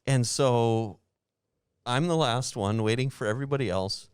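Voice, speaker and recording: A man hosting a podcast, telling a travel story in a lively way, acting out what others said and laughing often. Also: mid-range voice, moderate pace, clear, resonant tone, no echo, studio quality. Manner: animated, acts out quoted voices, laughs often. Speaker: podcast host. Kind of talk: casual storytelling.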